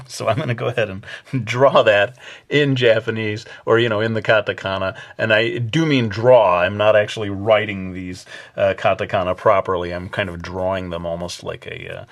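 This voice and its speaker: A man narrating a drawing tutorial in a halting, easygoing way, with many filler words and light jokes. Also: on the low side, animated. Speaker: drawing instructor.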